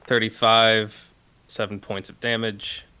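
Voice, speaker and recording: A man's voice: lowish voice, level tone, slow, bright, forceful tone, clean tone. A man playing a tabletop game, hesitantly thinking aloud as he works through his turn. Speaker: player. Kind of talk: casual tabletop game play.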